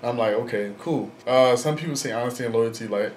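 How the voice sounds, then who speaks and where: This twenty-something vlogger talks fast at medium pitch, meandering through casual, frank remarks full of slang and filler words. The recording is in an echoey room with faint background noise.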